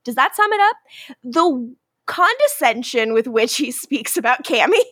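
A woman co-hosting a casual podcast, recapping a show with lots of laughter, swearing and quick acted-out character lines. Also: high-pitched, very animated, a bit bright, breathy edge, no room sound, studio quality. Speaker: podcast co-host recapping a TV episode. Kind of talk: casual chat.

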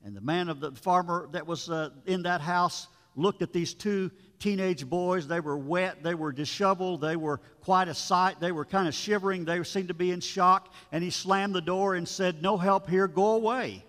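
A man's voice: sits high, normal speed, few pauses, fairly bright tone. A man, a pastor, giving a sermon in a storytelling, conversational way, with asides to his listeners. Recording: long reverb of a large room.

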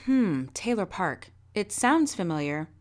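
A woman voicing a stern, gray-haired archaeologist professor who speaks firmly and in a measured way, in a storybook reading. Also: medium pitch, sing-song. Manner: firm and measured.

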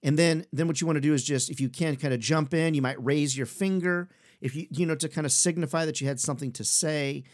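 A man giving an energetic sales training talk, emphatic and direct, acting out short exchanges with clients. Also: fairly high pitch. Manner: energetic, emphatic, role-plays clients in quick asides.

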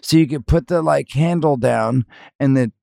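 Gravelly-voiced man telling lively stories. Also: mid-range voice, moderate pace, dry recording, clean studio sound. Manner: animated storytelling, acts out quotes with laughs. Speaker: podcast co-host, father. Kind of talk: casual chat.

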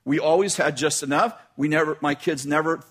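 Brief: middle-aged male pastor, raspy and a bit high, telling a story from the pulpit with chatty restarts. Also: brisk, fairly bright tone. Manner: conversational, repeats and restarts phrases. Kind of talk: storytelling sermon.

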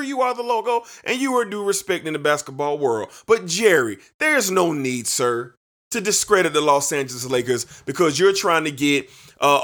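A man's voice: on the high side, fairly bright tone. A man hosting a sports podcast, ranting emphatically and repeating names for effect, with features. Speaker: podcast host. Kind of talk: animated sports talk rant.

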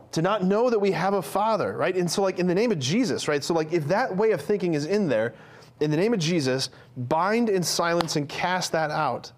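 Earnest preaching man, fairly high voice. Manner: earnest, conversational preaching with frequent "like" and restarts. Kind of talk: sermon to men.

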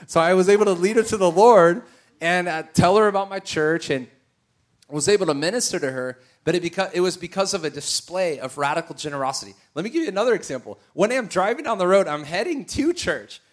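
A man's voice: high voice, fast. A male preacher telling stories in a sermon, acting out the voices of the people in them. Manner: animated, acts out voices in his stories. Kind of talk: sermon with storytelling.

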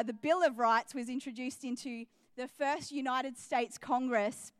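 High-voiced woman preaching. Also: smooth, no room sound. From New Zealand and Australia. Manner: earnest, builds to emphatic declarations with repetition. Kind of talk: sermon.

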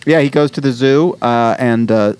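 A man's voice: mid-range voice, moderate pace, darkish tone, clean tone. Jokey thirty-something man, laughing often. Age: 30s. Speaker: podcast co-host. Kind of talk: casual chat.

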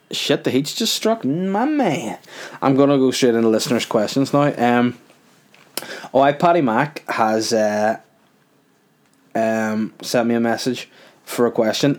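A man's voice: medium pitch, darkish tone. A man hosting his own podcast, talking in a loose, jokey monologue. He rambles from point to point, peppering his speech with "like" and the odd swear word. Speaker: podcast host and comedy club runner. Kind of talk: casual comedic monologue.

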